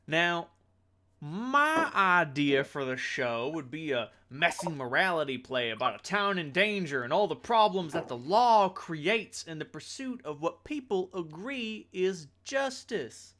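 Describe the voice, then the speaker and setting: A man's voice: fairly high pitch, big pitch swings, measured pace, pushed and bright, a little hiss or hum. A man running a tabletop game, speaking in character with a folksy, blunt drawl. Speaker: game master voicing a character. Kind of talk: in-character tabletop role-play.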